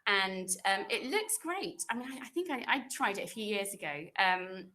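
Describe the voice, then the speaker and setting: A woman teacher talks to incoming pupils in a chatty, reassuring way, full of fillers and restarts. Her voice sits at a middle pitch. She speaks into a computer microphone in a classroom. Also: lively intonation, normal speed, sharp tone. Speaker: secondary school French teacher. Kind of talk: online welcome talk for new pupils.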